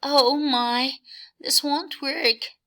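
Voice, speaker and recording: A woman doing a small lost girl bug, high and plaintive. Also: steady tone, extremely slow, fairly bright tone, heavily acted. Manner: earnest, plaintive questioning. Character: small lost female bug seeking a home.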